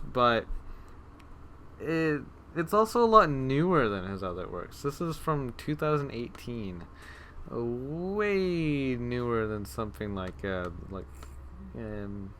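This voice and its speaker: A man's voice: medium pitch, clean tone. A man casually reviewing anime he watched, rambling with many fillers, restarts and dry sarcastic asides. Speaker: anime vlogger.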